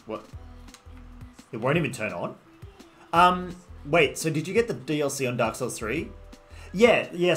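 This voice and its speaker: An Australian man chats casually on a game stream, rambling and answering viewer messages as he greets his chat. His voice is mid-range and a bit bright. Faint background music plays under his desktop-microphone audio.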